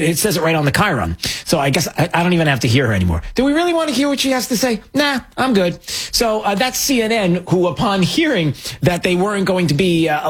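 A man hosting an opinion commentary show, talking in a sarcastic, mocking and animated way. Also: high-pitched, breathy edge.

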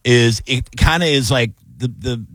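A man's voice: medium pitch, measured pace, a bit bright, dry recording. A man hosting a radio show, chatting casually in a laid-back, rambling way full of fillers.

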